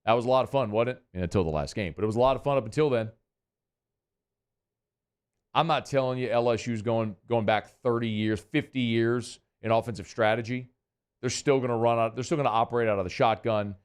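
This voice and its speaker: A man's voice: mid-range voice, fairly quick, clear, resonant tone. A middle-aged man hosting a sports talk radio show, chatting in a folksy way straight to his listeners.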